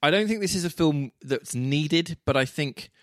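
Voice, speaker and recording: On a casual film podcast, a male co-host rambles and teases, swearing freely while working through his thoughts. His voice is fairly high and moves at a normal speed, captured dry with clean studio sound.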